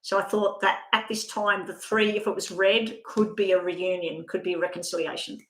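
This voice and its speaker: Woman, tarot reader, chatty and rambling, mid pitch, echoey room. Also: little pitch movement, normal speed, fairly bright tone. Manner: chatty, rambling, self-interrupting. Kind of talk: live card reading.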